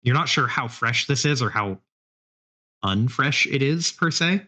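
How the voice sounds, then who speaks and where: A man's voice: medium pitch, expressive, a little slow, sharp tone. A man running a tabletop horror game as game master, describing scenes in a rambling, filler-heavy way. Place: live stream.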